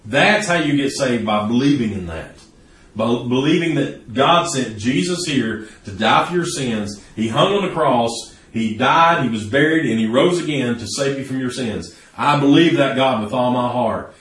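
A man's voice: medium pitch, animated, normal speed, a bit bright, far from the mic. Man, pastor, earnest sermon, emphatic rises, roomy echo. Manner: earnest preaching, rising to emphatic peaks.

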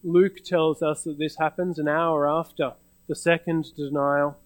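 A man's voice: fairly high pitch, little pitch movement, measured pace, dry recording, low-quality recording. A male pastor giving a sermon, retelling a scene in a conversational way with frequent restarts and repeated words.

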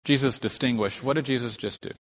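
A man's voice: medium pitch, quick pace. Preaching man in a reverberant hall. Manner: dramatic, voices quoted speakers with rising emphasis. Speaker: pastor. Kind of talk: sermon.

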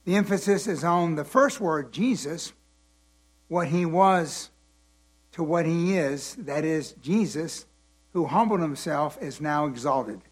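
A preacher, his voice worn out at day's end, delivers Bible teaching in a measured, deliberate way, echoing his points and inviting the congregation to finish phrases. The voice sits fairly high and is expressive, with a slight roughness.

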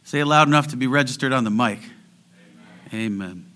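A man preaching a sermon as pastor, earnest and building to fervent exhortation, sometimes slowing down or dropping to a near whisper for emphasis. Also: mid-range voice, pushed and bright.

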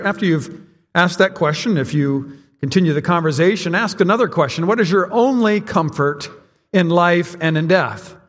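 A male pastor preaches in a relaxed, conversational way, talking straight to the congregation. His voice sits a little higher than most men's, and a long reverb trails each phrase through the church hall. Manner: conversational, direct address to congregation. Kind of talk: sermon. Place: church sanctuary.

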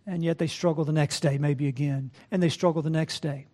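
A male pastor with a high-pitched voice delivers a sermon. He swings between loud, emphatic climaxes and soft, low asides, often asking his listeners "right?". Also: fast talker, few pauses. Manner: addresses listeners as beloved, asks rhetorical "right?".

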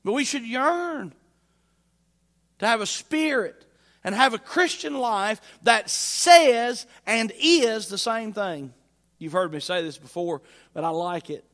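High-voiced preaching man. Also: expressive, slow, a bit bright. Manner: emphatic, repeats phrases with rising force. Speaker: pastor. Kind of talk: sermon. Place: church.

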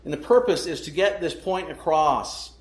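A man's voice: a little high, moderate pace, echoey room. A man preaching a sermon, emphatic and full of rhetorical questions to the congregation. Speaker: pastor.

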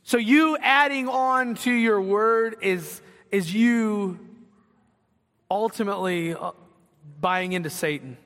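In a church sanctuary with the long reverb of a hall, a young male pastor preaches conversationally, tossing in asides and acting out quotes. His voice is high, slow, and slightly bright.

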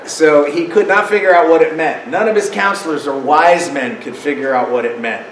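A man leads a casual Bible study, his voice sitting a little high and lively. The room is echoey with a faint hiss behind him. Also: moderate pace. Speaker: Bible teacher. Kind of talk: casual Bible teaching to a small group. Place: room with a small group.

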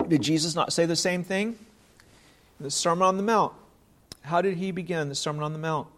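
A man's voice: on the high side, fairly quick, a bit bright. A man preaching a sermon, earnest, posing rhetorical questions, quoting scripture and repeating words as he thinks.

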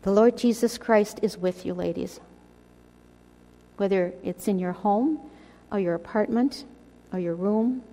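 Earnest woman teaching in a reverberant church. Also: mid-range voice. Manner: earnest, gently exhorting, addresses listeners directly. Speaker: women's Bible study teacher. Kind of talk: devotional Bible teaching. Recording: long hall reverb.

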